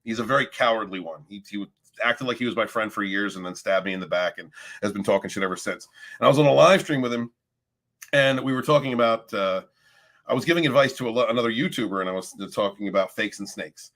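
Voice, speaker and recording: A man's voice: fairly low pitch, fast talker, fairly bright tone. A man hosting a casual motivational livestream who talks in a rambling, profane way with many restarts. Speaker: livestream host, abuse recovery talker.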